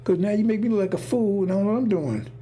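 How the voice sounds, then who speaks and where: Sitting high and racing, this man's warm, slightly rough voice carries a rambling, casual prophetic monologue. He repeats himself and keeps checking in with listeners through "see?" and "right?".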